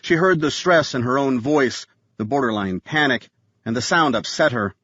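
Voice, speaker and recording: A man reading a thriller audiobook in a scripted narration style, tense and measured. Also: medium pitch, animated, fairly bright tone, husky, no echo, muffled recording.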